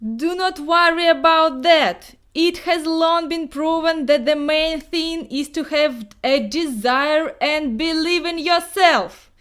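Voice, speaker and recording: A woman voicing a boastful, proud male mosquito who pitches himself like a salesman, grandiose and persuasive. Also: slow pace, few pauses, a bit bright. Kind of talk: storybook voice acting. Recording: roomy echo.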